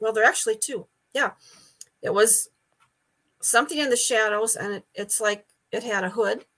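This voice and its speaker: Bright-voiced chatty older woman. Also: fairly high pitch. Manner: chatty, repeats words, laughs often. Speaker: psychic medium guest. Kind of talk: casual storytelling interview.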